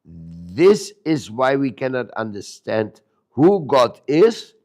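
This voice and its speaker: A man delivers a devotional lecture to a small group in a room, speaking slowly in a medium-pitched, sing-song voice with a darkish tone. He quizzes his listeners, jokes with them and emphasizes key words throughout the spiritual lesson.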